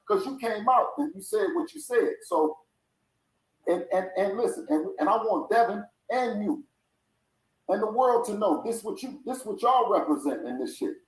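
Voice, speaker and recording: Middle-aged dude arguing on a video call, fairly high voice, echoey room, keeps saying it again. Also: male voice, sing-song, normal speed. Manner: insistent, repeats himself, swears. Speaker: boxer's father and trainer. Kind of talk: heated call with a fighter. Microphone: video call audio. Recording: roomy video call audio.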